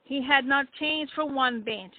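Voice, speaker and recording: A woman author reading her own novel aloud in a measured, deliberate way. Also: high-pitched, no echo. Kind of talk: audiobook narration. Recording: tinny phone-like dry sound.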